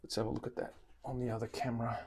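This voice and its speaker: A man's voice: mid-range voice, very fast, a little hiss or hum. A man with an Australian accent, a luthier host chatting casually through a live-stream demonstration in his guitar workshop. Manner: relaxed, chatty, explains while working.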